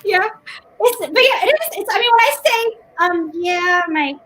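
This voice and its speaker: Rambling high-voiced woman on a video call. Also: lively intonation, normal speed, fairly bright tone, low-quality recording. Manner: rambling, laughs often, many restarts. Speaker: book chat co-host. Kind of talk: casual video chat. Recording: faint background noise.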